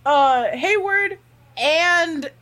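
A woman hosting a casual podcast chat, excitable and laughing often as she talks. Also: very high-pitched, extremely slow. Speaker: podcast host.

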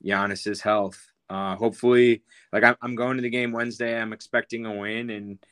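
A man co-hosting a sports podcast, talking in a halting way with many fillers. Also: lowish voice, level tone, fairly bright tone, smooth. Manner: hesitant, full of fillers. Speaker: podcast co-host. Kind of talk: sports talk chat.

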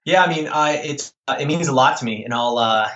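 A man's voice: mid-range voice, brisk, a bit bright. Man rambling in an echoey room. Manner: rambling with frequent restarts. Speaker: interview guest. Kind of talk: casual storytelling. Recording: echoey, dull lo-fi audio.

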